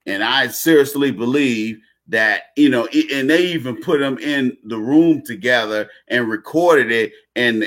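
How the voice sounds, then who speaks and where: Slow-talking man ranting casually. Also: mid-range voice, fairly bright tone. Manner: repetitive, frequent restarts, blunt slang. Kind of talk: casual monologue rant.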